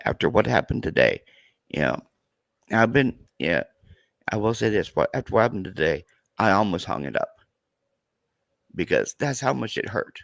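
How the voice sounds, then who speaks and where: Man, very deep voice, tearful, halting, repeats himself, dry close sound. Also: very animated, gravelly, dry recording. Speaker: true crime content creator. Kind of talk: emotional podcast conversation.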